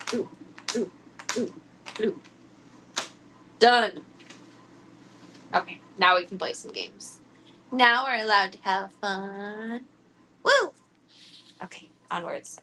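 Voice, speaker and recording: This is a young woman chatting casually on a stream from her home kitchen. Her voice is bright and clear. She rambles from thought to thought and leans heavily on filler words. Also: medium pitch, slight background noise, poor audio. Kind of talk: casual chat.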